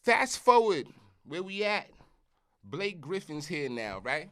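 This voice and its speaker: A middle-aged man from Brooklyn with a thick New York accent holds forth on his own podcast. His pitch leaps up and down as he talks, and he punches his points with curses and "you heard?" He sounds emphatic and animated. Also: slow pace. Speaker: podcast host. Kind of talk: casual monologue.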